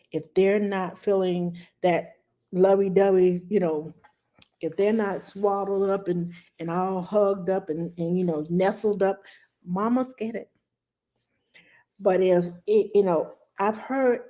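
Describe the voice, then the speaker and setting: A middle-aged woman talks parents through baby care in a casual, lively way. She is expressive and animated, and at times she drops into a low, soothing voice. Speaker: nanny giving baby-care advice. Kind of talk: casual advice talk.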